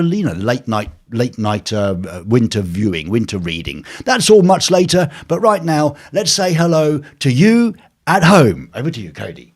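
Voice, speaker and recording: Lively rambling man hosting a live stream. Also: a little high. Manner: rambling, jokey, lots of fillers. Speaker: live show host. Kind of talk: casual live stream chat, greeting viewers. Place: home penthouse flat.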